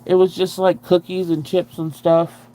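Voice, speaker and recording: A woman's voice: fairly low pitch, little pitch movement, measured pace, warm tone. A woman hosting a casual livestream, rambling and chatty as she answers viewer comments and swears freely. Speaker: livestream host.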